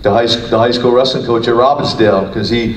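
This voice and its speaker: A man's voice: medium pitch, steady tone, brisk. A man, a former wrestler, talking casually in an interview, rambling with many restarts. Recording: roomy, distant mic, faint noise.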